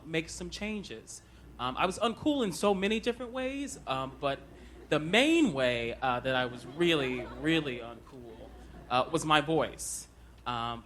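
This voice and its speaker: A man's voice: on the high side, fairly bright tone, slight background noise. A young man telling a comic personal story on stage at a live show, conversational and self-deprecating, with many ums. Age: young adult.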